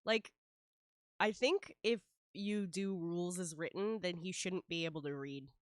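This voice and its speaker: A woman's voice: fairly low pitch, a little slow, no echo, clean studio sound. A woman with a stuffy nose chatting casually while she draws on a live stream, often laughing and filling with "like". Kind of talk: casual chat while drawing.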